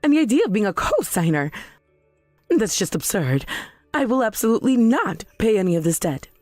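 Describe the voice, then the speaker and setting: A woman voicing a self-righteous middle-aged mother in a scripted drama, shrill, demanding and defensive. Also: big pitch swings, a little fast, darkish tone, dry recording, faint music behind. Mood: outraged.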